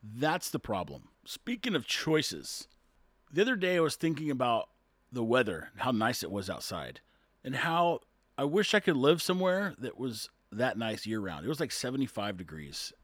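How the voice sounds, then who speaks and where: A man's voice: mid-range voice, sing-song, moderate pace, fairly bright tone, dry recording. A man giving an earnest opinion monologue, posing rhetorical questions and answering them himself.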